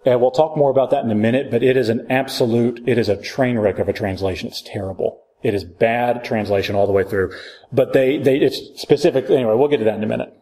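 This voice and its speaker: A man's voice: mid-range voice, fast talker, mellow. Casual man teaching a church class. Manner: casual, joking, asks the class questions. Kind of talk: conversational Bible class lecture.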